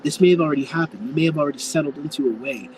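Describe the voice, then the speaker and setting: A man's voice: a little high, rapid-fire, a little mellow, a little hiss or hum, rough recording. A man giving a live tarot reading to viewers, speaking frankly and campily, calling people darling and swearing freely. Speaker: tarot reader.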